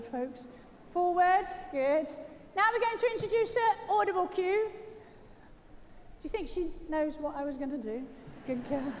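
Over a loudspeaker in a large indoor arena, a British woman with an extremely high-pitched voice gives live commentary on a gundog training demonstration. She jokes with the crowd and praises her dogs as she explains. The recording carries faint hiss or hum and sounds distant, with the echo of the arena PA.

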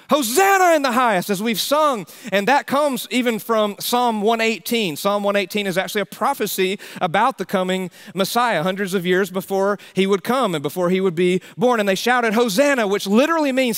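Pastor guy preaching, kinda high voice, goes loud then drops way down to a whisper. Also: smooth. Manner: dynamic preaching, swinging from loud emphatic calls to hushed near-whispers. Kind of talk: sermon.

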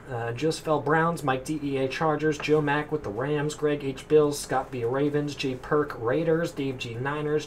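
A man hosting a live sports card break, reading out cards and names and joking with the room. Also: a little high. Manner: jokey, rattles off names and cards. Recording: distant mic with noisy room.

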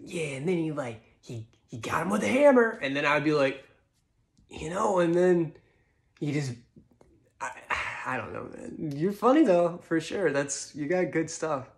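A man's voice: on the high side, expressive, normal speed, gravelly. A man voicing an eager guy who stammers and rambles while trying to be funny. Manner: rambling, stammering, fake laughing.

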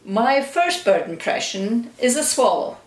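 A woman's voice: a little high, sing-song, unhurried, voice pushed up. A woman putting on a jovial older man who tells corny bird jokes, with a punchy joke-telling delivery. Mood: joking. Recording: roomy, from a distance.

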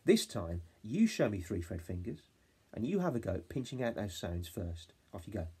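A young male teacher from England talking to young children in a home-learning phonics lesson, saying words slowly sound by sound and prompting them to repeat after him. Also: lowish voice, big pitch swings, dark tone, husky. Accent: English. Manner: slow, sound-by-sound modelling with call-and-response prompts. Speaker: reception class teacher.

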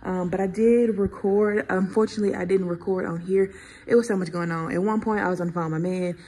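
A woman's voice: mid-range voice, fairly even intonation, fast, warm tone, slightly rough, low-quality recording. A woman in her twenties, a lifestyle vlogger, chatting casually and venting in slangy talk full of fillers. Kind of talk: casual vlog chat.

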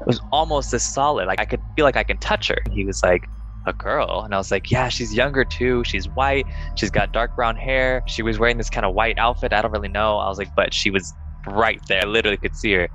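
Young male storyteller, casual and animated, lowish but bright tone. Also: brisk, faint music behind. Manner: animated, acts out quoted voices in higher pitch. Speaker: group member telling a ghost story.

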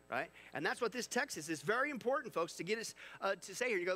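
A man preaching a sermon, animated and chatty, asking the congregation questions. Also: high-pitched, racing, few pauses, soft background music. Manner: animated, conversational with the audience. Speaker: pastor.

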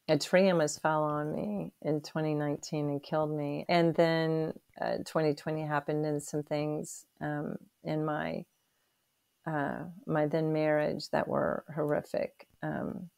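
Woman, 60s, low-pitched, gravelly, earnest testimony, emotional, halting restarts. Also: little pitch movement, darkish tone. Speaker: interview guest. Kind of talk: personal testimony in an interview.

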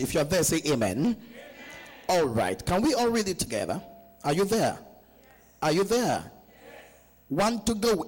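A man preaching a sermon at a church conference, urging the congregation to answer him back and reading scripture slowly and deliberately. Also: on the high side, slightly rough, low-quality recording. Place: church conference, captured live.

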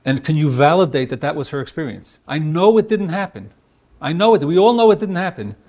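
Speaking at a workshop, the middle-aged marriage therapist plays both spouses in his examples and poses rhetorical questions to the audience, letting each one hang. His somewhat high voice is expressive, with a darkish tone.

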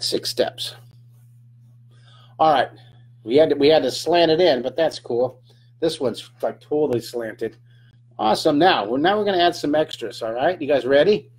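A man's voice: medium pitch, gravelly, darkish tone, slightly rough. A middle-aged man from California giving a casual, chatty live drawing lesson, talking to his viewers as he draws. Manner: chatty, upbeat, talks to viewers while drawing. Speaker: drawing teacher.

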